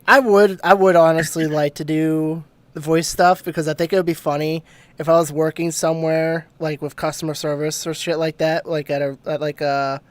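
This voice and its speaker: A man hosting a casual podcast, relaxed and laughing easily as he asks questions. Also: a little high, normal speed, no echo.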